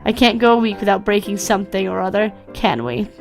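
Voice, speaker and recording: An emotional young woman housemate, read out by a woman in a visual novel. The mid-pitched voice is close to the reader's own. Soft music sits in the background. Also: expressive, a little fast, creaky. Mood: upset. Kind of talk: reading a visual novel aloud.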